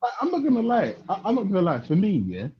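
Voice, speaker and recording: A man in a casual group voice chat, talking in a weary, drawn-out way. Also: high-pitched, wildly swooping pitch, echoey room. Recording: noisy dull online call audio.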